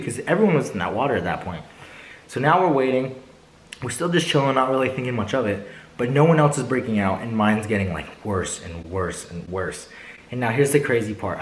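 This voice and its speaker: A young man vlogging a casual storytime, animated and slangy, addressing viewers directly. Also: medium pitch, fairly quick, reverberant, poor audio. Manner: animated, slangy, keeps saying bro and right.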